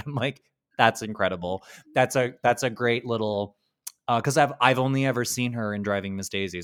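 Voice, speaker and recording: A young man co-hosting a casual film podcast, animated and profane, acting out scenes as he talks. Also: medium pitch, smooth. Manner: animated, swearing, acts out quotes. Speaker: podcast co-host.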